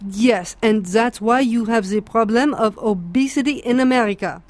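A woman voicing a scornful, opinionated middle-aged Frenchman, speaking slowly and emphatically with sarcasm. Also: very high-pitched, no echo. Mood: lecturing.

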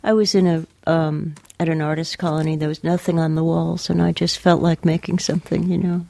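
Soft-spoken older woman poet, hesitant. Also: low voice, flat delivery, gravelly, no room sound. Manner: hesitant, soft-spoken, many pauses and fillers. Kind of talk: radio interview, reading her poetry.

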